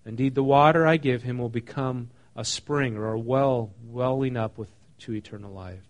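A man preaching in a relaxed, conversational way. He reads a passage, then talks it through, often asking his listeners questions. His voice sits at a middle pitch. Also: normal speed. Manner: conversational, asks the congregation questions; reads scripture then explains it casually. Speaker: pastor. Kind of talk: sermon.

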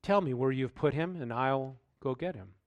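A male pastor giving a sermon, reading scripture aloud and then commenting in a relaxed, conversational way with rhetorical questions. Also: mid-range voice, moderate pace, dry recording, lo-fi sound.

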